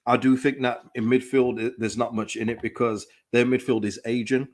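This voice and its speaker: A man's voice: medium pitch, brisk. A man hosting a live football watchalong stream, chatting casually, reading out viewers' comments and laughing often. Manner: excitable, reads out chat comments, laughs often. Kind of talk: casual live reaction chat.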